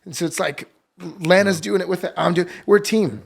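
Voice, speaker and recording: A man's voice: high-pitched, a little fast, creaky, breathy edge. A man, a guest on a podcast, earnestly telling a story about his family and acting out the dialogue. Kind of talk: casual conversation.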